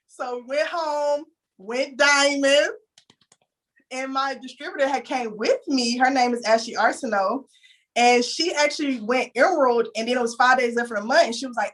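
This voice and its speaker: A woman's voice: fairly high pitch, normal speed. Candid Texan woman telling her story. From Houston, Texas. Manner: emotional, candid, addresses listeners as "y'all". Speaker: interviewee. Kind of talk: casual storytelling.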